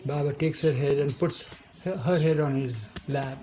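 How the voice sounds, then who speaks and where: A man's voice: on the high side, normal speed, dark tone, slight background noise. An older man telling a remembered story in a rambling way, full of trailing asides and restarts. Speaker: devotee recounting memories. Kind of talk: rambling spoken reminiscence.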